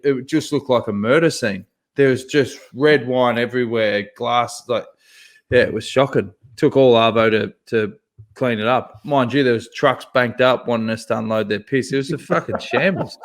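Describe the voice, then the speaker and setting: Male podcast co-host, mid pitch, animated profane storyteller. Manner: animated, swears freely, laughs through his own story. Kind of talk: casual storytelling chat.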